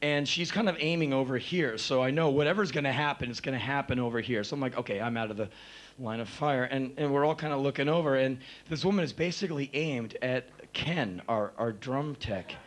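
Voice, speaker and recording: A middle-aged man telling stories live on stage, animated and acting out the people in them, building to excited outbursts. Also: mid-range voice, fairly quick, hardly any pauses. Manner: animated, acts out voices, builds to excited shouts. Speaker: spoken word performer. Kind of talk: live spoken word storytelling. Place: live stage before an audience. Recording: live concert recording with faint crowd noise.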